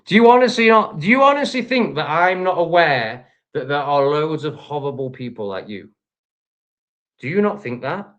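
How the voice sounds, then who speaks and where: A man's voice: on the high side, sing-song, normal speed, fairly bright tone, lo-fi sound. A man from England with an English accent, ranting angrily and profanely at the critics in his reaction video. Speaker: vlogger. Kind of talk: angry reaction rant.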